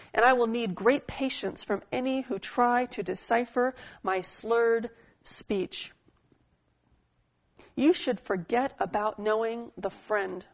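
A woman preacher delivers a sermon at a very slow, measured pace, with a gravelly, creaky edge to her voice. She reads a poem and tells a story with dramatic emphasis. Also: on the high side. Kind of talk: sermon with storytelling and poetry reading.

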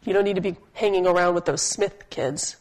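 A woman's voice: fairly low pitch, a little fast, darkish tone, close to an everyday voice, poor audio. A woman playing her own mother, who insistently repeats herself while warning her kids away from troublemakers.

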